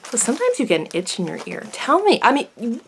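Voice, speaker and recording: A woman's voice: on the high side, wildly swooping pitch, fast talker, slightly rough. A woman beauty vlogger chatting casually to camera at home, rambling and self-deprecating.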